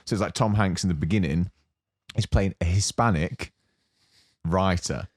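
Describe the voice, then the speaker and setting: Deep-voiced man rambling through a story. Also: moderate pace, no room sound. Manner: rambling, animated storytelling with many fillers. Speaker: podcast co-host. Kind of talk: casual chat.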